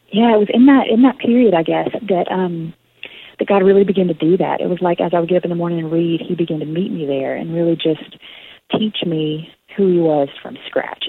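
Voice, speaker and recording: A low-voiced young woman with a Southern US drawl talks as a guest author in a radio interview. She is earnest and reflective, pausing often with fillers. Her voice comes through a thin, phone-like line.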